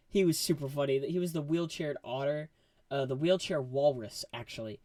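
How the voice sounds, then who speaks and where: A man giving a casual movie review, rambling and excitable, full of fillers. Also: on the high side, normal speed, no echo.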